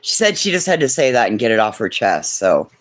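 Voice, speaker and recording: A man's voice: medium pitch, big pitch swings, a little fast, a bit bright, dry recording. A man hosting a casual morning livestream chat. He talks sarcastically, swears, and drops into whispered asides. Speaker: livestream host.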